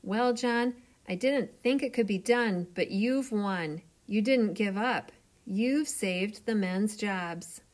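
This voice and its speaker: A woman's voice: mid-range voice, slow pace, natural voice. A woman reading aloud, voicing a confident, boastful railroad boss who is a grown man. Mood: conceding.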